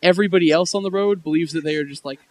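Chatty young man, slightly high voice. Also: racing, poor audio. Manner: rambling, laughs often, lots of "like". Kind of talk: casual chat.

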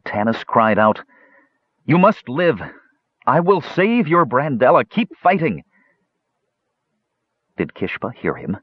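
A man reading a fantasy novel aloud as an audiobook narrator, with expressive storytelling. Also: sits low, no room sound, muffled recording.

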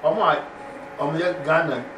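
A man chatting casually, halting and hesitant, with lots of ums. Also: fairly high pitch, reverberant, crowd noise, poor audio. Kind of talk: casual chat.

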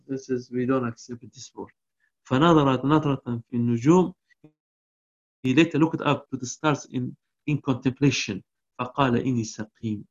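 A man giving a lecture on Quran commentary, reciting Arabic verses quickly and then explaining them in halting English with many restarts. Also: medium pitch. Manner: frequent restarts and fillers. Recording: dull lo-fi recording.

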